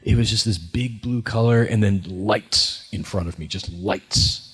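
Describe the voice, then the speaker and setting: A middle-aged man answering fan questions at a convention panel, chatty and animated, acting out quotes as he tells stories. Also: on the low side, unhurried, breathy edge. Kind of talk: casual storytelling Q&A.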